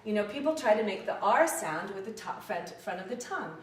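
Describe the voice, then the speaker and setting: A woman, an acting professor and dialect coach, giving an animated lecture and demonstrating sounds aloud. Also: medium pitch, fairly quick, distant mic. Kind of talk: lecture talk. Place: lecture room, indoors. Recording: echoey room, picked up from afar.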